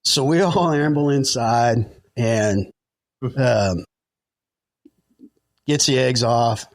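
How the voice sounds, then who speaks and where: A middle-aged man spins a loose, rambling yarn, chuckling and padding his stories with fillers. His pitch sits in an ordinary middle range, and the sound is close and dry, with no room around it. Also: extremely slow, no echo. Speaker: podcast guest. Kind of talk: casual storytelling.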